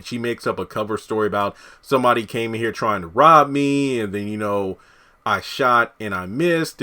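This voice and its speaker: A man with a fairly low voice talks through a TV episode recap in a casual, rambling way. He pads his sentences with fillers and restarts as he goes. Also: pushed and bright. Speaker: TV episode reviewer.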